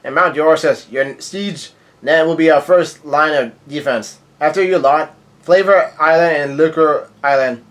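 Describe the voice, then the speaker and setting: A man with a slightly high voice reads comic panels aloud in an offhand way. He quotes characters flatly, trips over words and corrects himself. Now and then he breaks off to react in surprise. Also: a little slow. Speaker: manga reaction reader. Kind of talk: casual reading and reacting.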